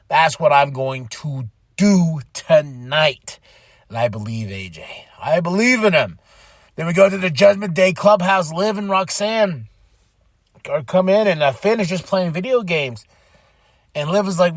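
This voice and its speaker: A man hosting a podcast, recapping wrestling in a casual, excitable monologue and quoting people in quick voices. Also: a little high, no room sound.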